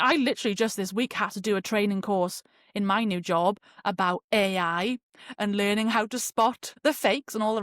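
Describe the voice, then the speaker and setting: A young adult woman hosting a casual solo podcast, talking in an animated, chatty way with lots of fillers like "like". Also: medium pitch, no echo, clean studio sound. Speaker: podcast host.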